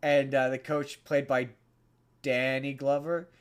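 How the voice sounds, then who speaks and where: A man's voice: mid-range voice, flat delivery, slow pace, clear, resonant tone. A man hosting a podcast, recapping a movie in casual chat, rambling with many restarts and repeated words. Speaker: podcast host.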